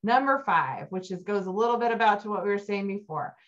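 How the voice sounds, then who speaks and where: A middle-aged woman giving a motivational keynote talk, telling stories with animated energy and climbing high when excited. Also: brisk. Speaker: keynote speaker. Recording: dull lo-fi recording.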